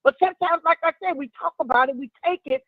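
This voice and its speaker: A woman calling into a talk show and offering her opinion in a reflective, measured way. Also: high voice, no echo, phone-quality sound. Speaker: caller.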